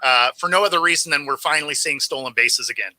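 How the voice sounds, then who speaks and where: A man co-hosting a sports talk show, lively and quick to laugh in a casual chat. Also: fairly high pitch, no room sound, rough recording.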